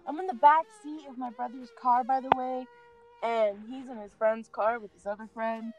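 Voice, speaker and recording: Giggly high-voiced young woman rambling. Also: normal speed, low-quality recording. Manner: giggly, rambling, frequent swearing. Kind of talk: casual chat. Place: back seat of a parked car.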